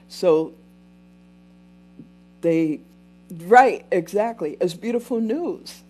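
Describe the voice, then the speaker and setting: Slow rambling woman telling stories on a livestream. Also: lowish voice, fairly even intonation, warm tone. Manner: meandering, breaks off to greet viewers. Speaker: livestream host retelling visions. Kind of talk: rambling live-stream storytelling.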